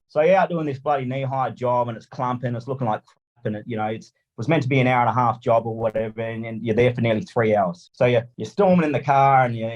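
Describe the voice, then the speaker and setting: An Australian man telling a story on a podcast, animated and swearing, acting out little scenes. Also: mid-range voice, lo-fi sound. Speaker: lawn mowing franchisee guest.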